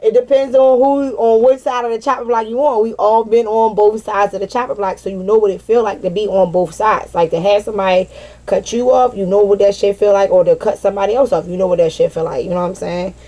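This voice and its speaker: Speaking fast in a medium-pitched, fairly even, dark-toned voice, this tarot reader does a casual reading for her viewers on a low-quality recording. Profanity comes easily to her, "like" pops up constantly, and she addresses viewers directly with frequent asks of "you feel what I'm saying?"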